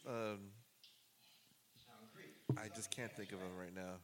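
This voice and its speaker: Easygoing guy on a podcast, says man a lot, crowd noise loud. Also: lowish voice, slow pace. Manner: relaxed, drawls "man" at line ends. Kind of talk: casual reaction chat.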